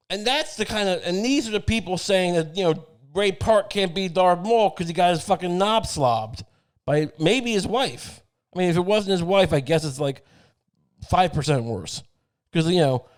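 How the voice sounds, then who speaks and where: A man's voice: a little high, moderate pace, darkish tone. A man hosting a podcast, rambling through a sarcastic, profane comedic monologue. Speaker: podcast host.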